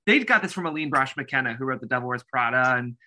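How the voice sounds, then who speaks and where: Man co-host, bright and forceful tone, friendly and eager chat. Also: medium pitch, lively intonation, quick pace. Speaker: podcast co-host. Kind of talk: casual podcast chat.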